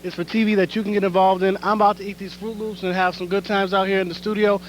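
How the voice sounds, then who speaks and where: A man's voice: high-pitched, flat delivery, quick pace, rough recording. A man joking around on a live overnight telethon, loose and swearing, heard on an old TV recording. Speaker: telethon participant eating cereal. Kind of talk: joking live broadcast banter. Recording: old live TV tape with faint noise.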